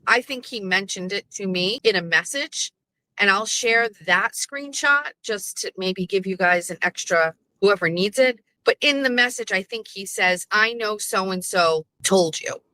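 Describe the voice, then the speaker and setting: A woman rambles through her side of an online dispute in casual commentary. Her voice is bright and forward. The sound is dry and close. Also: mid-range voice, measured pace, no echo, poor audio. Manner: chatty, rambling, many fillers. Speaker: streamer recounting an argument.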